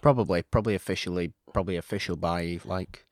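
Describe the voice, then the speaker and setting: A man's voice: fast, dry recording, studio quality. Rambling, self-mocking man podcast host. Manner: rambling, self-mocking, swings into excited high bursts. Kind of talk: casual chat.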